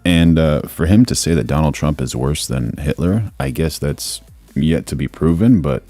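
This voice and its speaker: A man's voice: a bass voice, normal speed, dark tone, no echo. A man hosting a live reaction stream, talking in a laid-back, rambling, slangy way into a streaming mic. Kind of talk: casual live-stream commentary.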